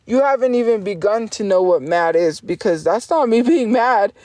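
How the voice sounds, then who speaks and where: A woman's voice: mid-range voice, animated, moderate pace, mellow, no echo. A woman livestreamer ranting at her chat in a profane, insistent and defiant way, repeating her points over and over.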